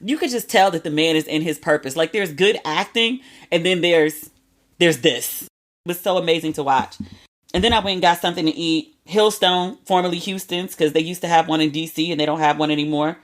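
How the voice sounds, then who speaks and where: Hosting her podcast, a woman tells stories in a candid, chatty monologue sprinkled with slang and the occasional curse. Her voice is fairly low and her delivery fairly quick.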